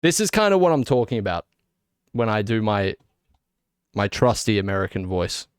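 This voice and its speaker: A man chatting casually on a live stream, excitable and laughing at his own jokes. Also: fairly low pitch, moderate pace, clean tone, no echo, studio quality.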